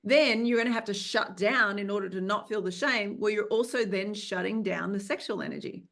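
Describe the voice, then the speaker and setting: A woman's voice: medium pitch, a little fast, gravelly, a bit bright. A woman film director speaking as a guest in an interview, earnest and reflective, coaching in tone, and stretching some words out for emphasis. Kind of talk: conversational interview.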